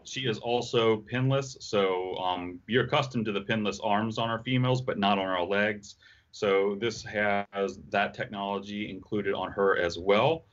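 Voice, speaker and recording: Low-voiced man walking through a product. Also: steady tone. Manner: enthusiastic, halting explaining. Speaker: product designer. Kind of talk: live stream product walkthrough. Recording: muffled stream audio.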